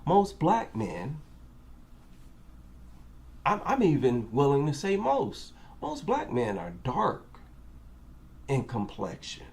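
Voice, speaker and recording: A man's voice: fairly high pitch, huge pitch swings, slow pace, pauses often, a little mellow. A man with an African American accent giving reaction commentary, incredulous and asking rhetorical questions.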